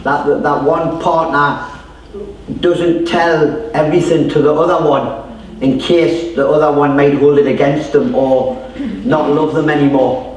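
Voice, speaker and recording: A man's voice: a little high, steady tone, unhurried, darkish tone, slight background noise. Geordie man, chatty storyteller preaching a testimony, recorded far off in a very reverberant room. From North East England. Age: 30s or older. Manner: chatty storytelling, acts out voices, many fillers. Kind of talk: informal testimony sermon. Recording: echoey room, distant mic.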